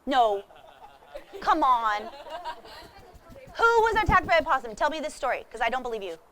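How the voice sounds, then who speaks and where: A woman giving a lively talk about wild animals to a young audience, animated and often laughing as she speaks straight to the crowd. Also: sits high, normal speed. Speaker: wildlife educator with animal ambassadors. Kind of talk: lively presentation to kids.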